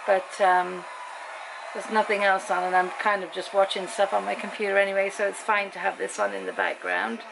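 Chatty British woman with a creaky voice. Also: medium pitch, a little fast, background noise. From Britain. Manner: chatty, candid, talks to viewers directly. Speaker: vlogger. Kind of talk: casual daily vlog chat. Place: at home.

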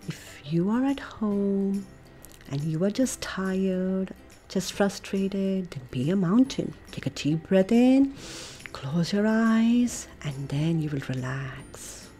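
Speaking at medium pitch and taking her time, this American preschool teacher reads aloud from a picture book. She guides the kids through playful yoga poses in an animated, coaxing way, dropping in soft, breathy asides.

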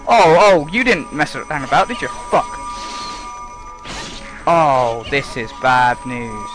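A man's voice: animated, normal speed, music in the background. A man giving casual, sarcastic gameplay commentary, swearing freely and mocking the game. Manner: sarcastic, sweary, mocking, breaks into squeaky mock voices. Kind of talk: casual let's play commentary.

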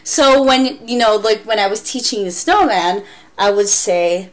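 A woman's voice: medium pitch, moderate pace. A woman who teaches English online, giving a chatty how-to tutorial with playful demonstrations. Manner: chatty, demonstrates with exaggerated gasps and wows.

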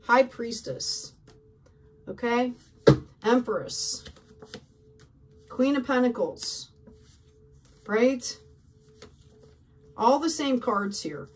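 A woman's voice: a little high, takes it slowly, long pauses, recorded from a distance, noisy background. A woman giving a casual tarot reading, talking effusively and peppering her speech with "like", "right?" and "okay?". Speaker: tarot reader.

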